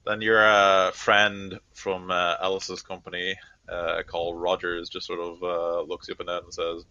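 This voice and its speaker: A man narrating a tabletop role-playing session as game master, casual and filled with hesitations. His voice sits deep, and the recording sounds dull and lo-fi. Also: monotone, normal speed, pushed and bright. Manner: loose, filler-heavy narration.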